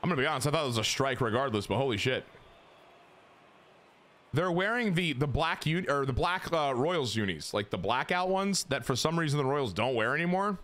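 A young man streaming a baseball video game, giving crude, excitable commentary that jumps into high squeals. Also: fairly quick. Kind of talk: casual gameplay commentary.

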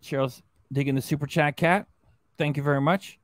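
A man's voice: fairly high pitch, steady tone, normal speed, no room sound. A man hosting a livestream reaction show, reading viewer chats in a mocking, rambling way. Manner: mocking, rambling, repeats himself. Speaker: host.

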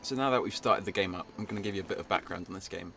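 A man's voice: deep voice, racing, vocal fry, bright, forceful tone, faint music behind. A young man casually explaining a game to his friend, laid-back and patient, with plenty of filler words. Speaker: co-host guiding the player.

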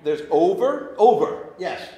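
Animated man lecturing in an echoey room. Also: sits high, slow pace. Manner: animated, stops and restarts often. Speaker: teacher of an adult class. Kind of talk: informal lecture with reading aloud. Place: church classroom.

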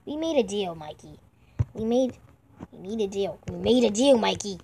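A woman giving excitable let's-play commentary while gaming online with friends, yelping, pleading with the game and repeating herself. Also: on the high side, measured pace, gravelly, long pauses, noisy background. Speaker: gamer playing online with friends.

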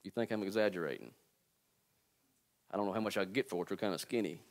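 Joking, animated pastor preaching a sermon. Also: male voice, fast. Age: 40s. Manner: joking and calling out to the congregation; swings between low, quiet asides and loud, high preaching.

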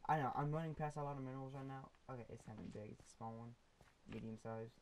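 In this casual Minecraft let's play commentary, a young gaming YouTuber rambles to viewers and mobs alike, filling gaps with plenty of ums. He talks fast in a mid-range voice, and the low-quality recording carries a bit of hiss or hum.

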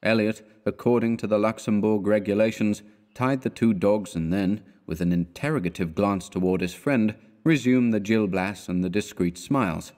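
A man reading a classic short story aloud as an audiobook narrator, in a measured manner. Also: fairly low pitch, a little mellow.

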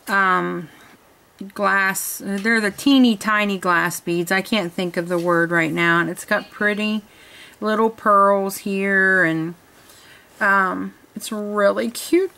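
A woman's voice: mid-range voice, fairly bright tone. Gushing older woman showing crafts. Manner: gushing, effusive, searches for words. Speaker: crafting vlogger. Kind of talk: casual show-and-tell vlog. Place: home in Florida.

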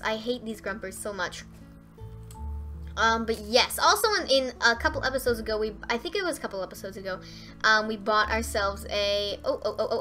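A young woman gives live game commentary in a bright, slightly high voice. She talks straight to her viewers and shoots up into squeals and shouts when something goes her way. Faint music plays under her voice. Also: moderate pace. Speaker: gaming streamer.

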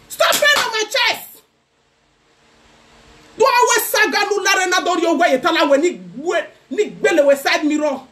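A young Nigerian woman vlogger ranting on a live stream, mocking and dramatic, laughing between jabs. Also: high-pitched. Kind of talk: heated live-stream rant in Pidgin.

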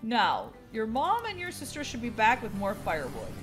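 A woman's voice: on the high side, wildly swooping pitch, normal speed, over music. A woman voicing an eager, stubborn dad set on a camping trip in a game role-play, upbeat and insistent. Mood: cheerful. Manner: upbeat, insistent, bursts into yelling. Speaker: roleplay gamer.

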